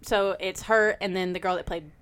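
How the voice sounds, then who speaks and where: A woman's voice: lowish voice, steady tone, moderate pace, fairly bright tone, smooth. A woman guesting on a casual podcast, chatty and giggly, drifting into tangents. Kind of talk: casual chat.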